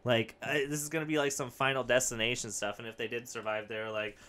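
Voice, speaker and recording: A young man hosting a comedy podcast, rambling through a story and acting out the other people in it. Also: fast talker. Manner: animated, acts out quoted voices with big pitch jumps. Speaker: podcast host. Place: home studio with a whiteboard.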